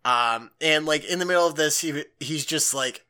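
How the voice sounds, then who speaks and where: A man's voice: on the high side, moderate pace, clear, resonant tone. A man co-hosting a podcast, chatting casually and animatedly with lots of fillers as he recaps a story. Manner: animated, filler-heavy, acts out quotes. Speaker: podcast co-host.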